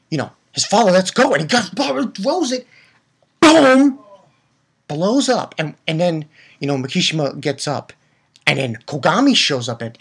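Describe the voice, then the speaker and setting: Husky guy hyped up recapping an anime ep, swears a lot, trips over his words. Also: fairly high pitch. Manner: excitable, profane, lots of restarts. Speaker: anime reviewer. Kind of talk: casual episode recap.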